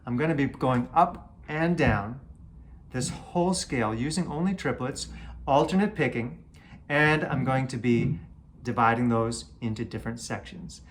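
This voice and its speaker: A man's voice: mid-range voice, moderate pace, a little hiss or hum. A man giving a casual guitar lesson, explaining an exercise and counting beats aloud as he plays. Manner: counts beats and chants "triplet" loudly over playing. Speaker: guitar teacher. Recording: guitar playing under the voice.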